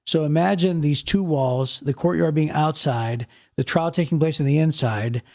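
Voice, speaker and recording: Gravelly man co-hosting a Bible talk. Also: on the high side, moderate pace, a little mellow. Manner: vivid, with repeated words and restarts. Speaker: podcast co-host. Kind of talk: casual Bible discussion.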